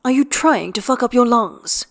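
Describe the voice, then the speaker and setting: A woman voicing a sharp-tongued, theatrical young male vampire who snaps indignantly. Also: high-pitched, normal speed, pitched above the performer's own voice, lightly acted. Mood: exasperated. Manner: indignant, exasperated snapping.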